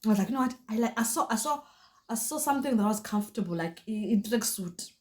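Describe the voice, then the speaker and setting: A woman's voice: on the high side, quick pace. A young woman with a South African Xhosa accent, chatting animatedly through a storytime vlog and often dropping into Xhosa. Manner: animated, switches into Xhosa, many restarts. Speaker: vlogger. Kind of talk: casual storytime chat.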